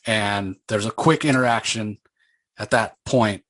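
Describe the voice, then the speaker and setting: A man's voice: fairly low pitch, unhurried, a bit bright, dry recording, rough recording. A man casually recapping a comic book story in a loose, conversational way, with plenty of fillers.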